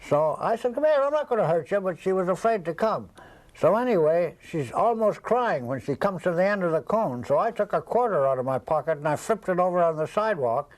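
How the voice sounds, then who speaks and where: Brief: older man, high-voiced, rambling raconteur who slips into the voices of people in his stories. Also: lively intonation, fairly quick, low-quality recording. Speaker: interviewee, storyteller. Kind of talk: casual anecdotal storytelling.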